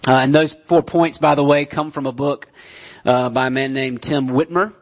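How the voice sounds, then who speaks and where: A man, a pastor, preaching a sermon in a measured way, repeating key phrases for emphasis, with frequent "uh" fillers. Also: medium pitch, fairly even intonation.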